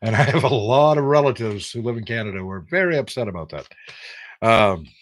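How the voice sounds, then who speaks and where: A man's voice: on the low side, animated, brisk. An older American man hosting a live trivia stream, casually teasing viewers and reading out their answers with sarcastic banter. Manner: teasing, sarcastic, reads viewer names aloud. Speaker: livestream trivia host.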